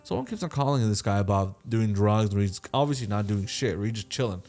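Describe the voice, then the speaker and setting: A young man hosting a podcast, telling a crime story in a loose, animated way, swearing a lot and checking in with "right?". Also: fairly low pitch, fast talker. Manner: swears constantly, animated retelling, keeps asking "right?". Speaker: podcast host. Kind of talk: casual storytelling.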